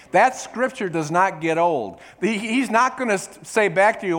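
A middle-aged pastor delivers his sermon with force, his somewhat high voice rising into declarations and dropping to quiet asides. He keeps drawing the congregation in, asking them to say it with him. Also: animated, normal speed, hardly any pauses. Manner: emphatic preaching, swings from loud declarations to quiet asides; calls for congregation response.

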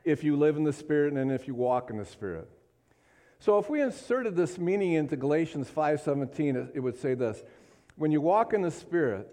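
Pitched fairly high but dark in tone, this preacher delivers his sermon emphatically and fervently. Calls for amens punctuate his words, and he rises again and again to impassioned heights.

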